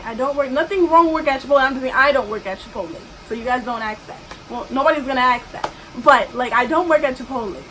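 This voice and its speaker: Young woman venting about work customers, high voice, lots of "like", faint noise behind. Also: a bit bright, low-quality recording. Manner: exasperated, emphatic, lots of "like". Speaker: vlogger. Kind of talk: ranting storytime vlog.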